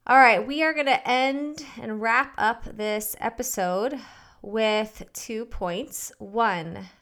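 A woman co-hosting a podcast, chatting in a relaxed way and wrapping up the episode with a short story. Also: a little high, takes it slowly. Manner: relaxed, chatty, wraps up the show. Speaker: podcast co-host. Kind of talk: casual podcast chat.

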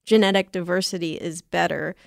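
A woman's voice: on the low side, fairly even intonation, fairly quick, vocal fry, no room sound, clean studio sound. A young woman co-hosting a casual comedy podcast, presenting animal science with rambling jokes and frequent laughter. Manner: jokey, rambling, laughs often.

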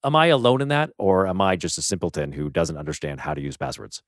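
A man's voice: low-pitched, big pitch swings, fast talker, no room sound, studio quality. A man hosting a podcast, telling a story in scripted narration with self-mocking humor, then chatting casually with his guest. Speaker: podcast host.

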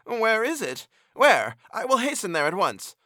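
Excitable, stammering major , read by a man, high and bright, in a close dry read. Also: a little slow, no echo, heavily acted. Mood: excited. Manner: stammering, eager exclamations. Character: excitable middle-aged male army major. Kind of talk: storybook reading.

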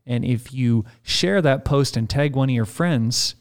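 A man's voice: mid-range voice, a little slow. A man co-hosting a casual Christian podcast, chatting easily and reading listener feedback aloud. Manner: relaxed, reads listener comments aloud. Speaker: podcast co-host.

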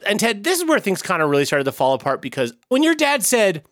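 A man's voice: high voice, fast talker, dry recording, studio quality. A man co-hosting a comedy podcast, telling an improvised story and dropping into mock voices when he quotes people. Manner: animated, slips into mock voices when quoting. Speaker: podcast co-host.

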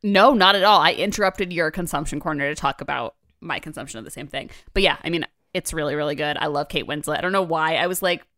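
A woman's voice: low voice, fast, few pauses, fairly bright tone, no room sound, studio quality. A young woman co-hosting a podcast, talking candidly and enthusiastically, with casual swearing. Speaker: podcast co-host. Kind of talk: casual chat.

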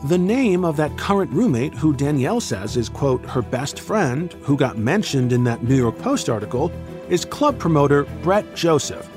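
A man's voice: fairly high pitch, big pitch swings, moderate pace, over music. A man hosting a podcast, narrating in a scripted style with wry, sardonic asides.

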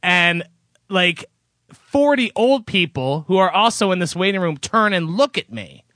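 Animated, self-deprecating male podcast host. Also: sits high, unhurried, no echo, clean studio sound. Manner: embarrassed, self-deprecating storyteller. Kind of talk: casual podcast banter.

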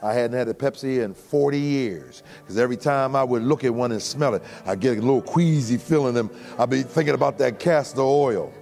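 An older man preaching a sermon, animated and humorous, sometimes shouting. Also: mid-range voice, brisk, creaky, hardly any pauses, soft background music. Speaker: pastor. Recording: reverberant hall recording.

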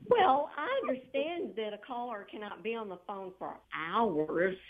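A woman's voice: medium pitch, lively intonation, unhurried. Dry woman over a phone. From Shreveport, Louisiana. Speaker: radio caller. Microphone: phone line. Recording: tinny phone line.

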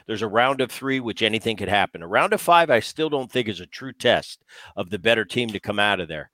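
A man who is a former player and co-host, talking baseball in casual, animated chat full of restarts. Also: fairly low pitch, brisk, no room sound. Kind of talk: casual sports talk.

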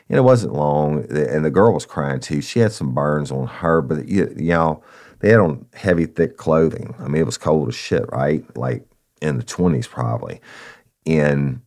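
A man's voice: a bass voice, moderate pace, vocal fry, darkish tone. A man, a former police officer telling a story casually, calling listeners "y'all" and swearing freely.

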